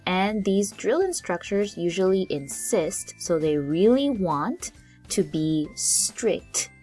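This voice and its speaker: A woman's voice: medium pitch, expressive, slow, dark tone, faint music behind. A woman teaching English vocabulary to learners, explaining each word patiently in simple terms. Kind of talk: slow, clear classroom explanation.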